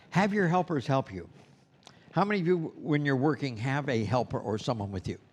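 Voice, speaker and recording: With a medium-pitched, breathy-edged voice and lively intonation, the Santa school instructor talks at a moderate pace to students in his classroom. He rambles conversationally through the lesson, peppering it with asides and "you know."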